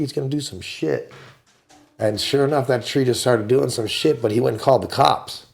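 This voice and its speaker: A man in his forties tells wild stories in casual, slangy talk. His voice sits at an ordinary middle pitch, and he leaps high whenever he quotes someone. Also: a little fast, vocal fry. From United States. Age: 40s. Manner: animated storyteller, jumps up high for quoted voices; laid-back slangy talk. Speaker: podcast guest. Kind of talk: casual storytelling.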